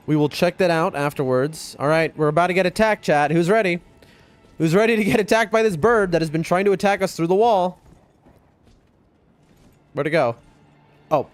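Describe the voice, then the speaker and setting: A young man streaming a game, chatting excitably to his viewers as he plays. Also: on the high side. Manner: chatty, excitable, often addresses chat. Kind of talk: live gameplay commentary to chat. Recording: faint music behind voice.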